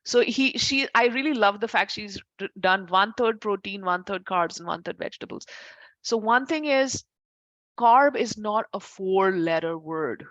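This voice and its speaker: This woman's medium-pitched voice is animated and unhurried as she leads her Ayurveda class in a relaxed, talkative style. Mid-sentence self-corrections and friendly asides to the students come up often. The audio sounds dull, with no room sound.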